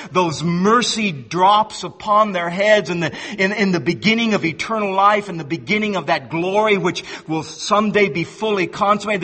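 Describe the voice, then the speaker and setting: Emphatic high-voiced preacher in a big hall. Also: male voice. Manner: emphatic, swings between loud stresses and hushed low words, repeats himself. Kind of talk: sermon. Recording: long reverb of a large hall.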